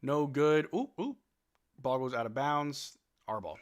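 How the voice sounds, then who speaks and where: A man's voice: medium pitch, measured pace, clean tone. A young man hosting a casual live watch-along, calling the plays as a fan with laid-back, resigned asides. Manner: laid-back, resigned, swears then apologizes. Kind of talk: casual fan play-by-play commentary.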